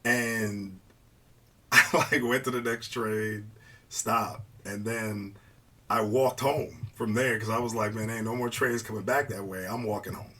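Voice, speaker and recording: A man casually telling a personal story, animated, swinging between hushed asides and excited outbursts. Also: on the low side, unhurried, recorded from a distance.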